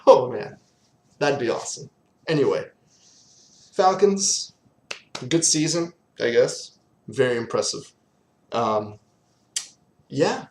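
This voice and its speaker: A man's voice: medium pitch, lively intonation, takes it slowly, long pauses. A young man ranting in a casual vlog, exasperated, sarcastic and swearing often. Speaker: sports fan vlogger.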